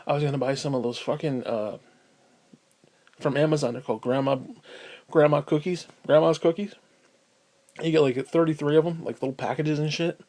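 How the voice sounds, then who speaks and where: A man's voice: a little high, fairly even intonation, a little fast, long pauses, darkish tone. A man ranting casually to the camera, rambling and profane, working himself up as he talks. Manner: profane, rambling and easily worked up. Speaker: gaming vlogger.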